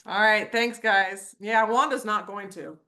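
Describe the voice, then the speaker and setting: A middle-aged woman hosting a casual horse training group call, telling stories and acting out quotes with big jumps in her voice. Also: measured pace. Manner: animated storyteller, acts out quotes with big pitch jumps.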